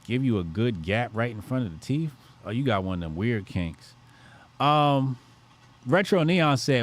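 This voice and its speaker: Lively, profane male livestreamer. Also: mid-range voice, a little slow. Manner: profane, joking, reacting to chat. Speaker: livestream host. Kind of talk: crude comic livestream chat.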